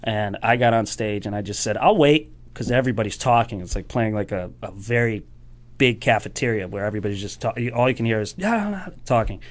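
A man's voice: fairly low pitch, quick pace. A man telling comedy stories in casual chat, acting out voices and laughing often. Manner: animated storyteller acting out quotes, laughs often. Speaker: stand-up comedian guest.

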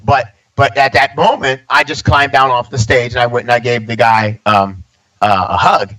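A man in his fifties, a stand-up comedian, tells a long personal story in relaxed conversation. He acts out other people's lines as he goes. His voice sits at an ordinary middle pitch for a man. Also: moderate pace, rough recording. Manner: animated storyteller acting out quoted dialogue.

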